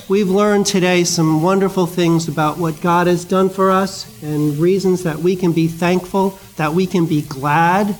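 A man's voice: a little high, poor audio. A male preacher giving a sermon in a conversational, storytelling way, with asides to the congregation.

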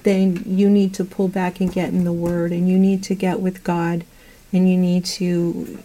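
Earnest woman preaching, warm dark tone. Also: lowish voice, unhurried, low-quality recording. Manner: earnest, conversational preaching with lively anecdotes. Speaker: Bible teacher. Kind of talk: sermon to a women's group. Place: meeting room.

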